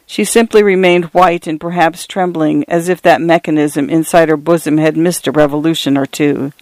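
A man narrating first-person literary fiction in a measured, even storytelling voice. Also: on the high side, no echo. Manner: measured, evenly paced storytelling.

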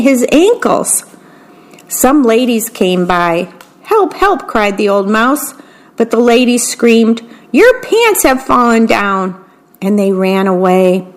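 A woman reading children's bedtime stories aloud for a volunteer reading-service radio program, describing the pictures as she goes. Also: on the high side. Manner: slow, gentle storybook reading, describing the pictures.

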